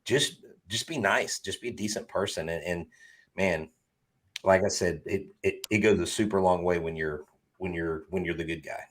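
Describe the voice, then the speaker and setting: A man's voice: low voice, moderate pace. A man, a guest on a sports podcast, chatting casually and earnestly, often repeating words as he thinks.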